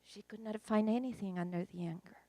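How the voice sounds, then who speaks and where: A woman's voice: mid-range voice, a little fast, warm tone, no echo. A woman preaching a sermon, telling a counseling story in an emotive, dramatic way.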